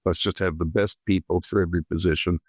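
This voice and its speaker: A man speaking as a guest author in an interview, giving measured political commentary with frequent restarts. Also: low-pitched, steady tone, husky, dry recording, studio quality.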